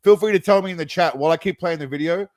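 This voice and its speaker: Chatty Aussie streamer talking to chat. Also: male voice, on the high side, racing, darkish tone, no room sound. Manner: rambling, chatty, talks to chat directly. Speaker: streamer reacting to videos. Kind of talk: casual live-stream commentary.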